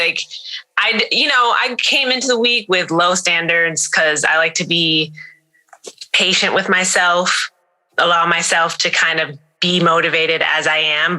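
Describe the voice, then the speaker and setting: A woman co-hosts a podcast in a playful, teasing casual chat. Her voice sits on the low side with a sharp tone, and the recording is rough.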